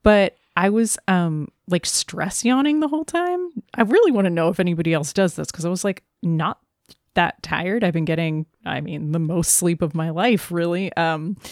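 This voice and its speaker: A woman's voice: lowish voice, moderate pace, a little mellow, no echo, clean studio sound. A woman in her thirties co-hosting a podcast, chatting casually and laughing often. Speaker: podcast co-host. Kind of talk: casual chat.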